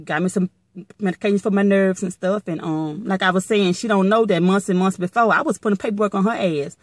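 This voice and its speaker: A woman's voice: medium pitch, brisk, no echo, studio quality. Blunt, profane storytelling woman. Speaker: vlogger. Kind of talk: casual storytelling to viewers.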